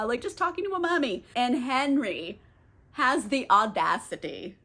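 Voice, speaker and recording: A woman with a fairly high voice recaps a novel in a casual, sarcastic way. She is chatty and drops in curses and laughs as she talks. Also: sing-song, normal speed, a bit bright. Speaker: book reviewer.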